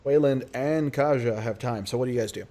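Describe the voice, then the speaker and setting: A man's voice: medium pitch, brisk, mellow. A man running a tabletop game as game master, narrating casually with fillers.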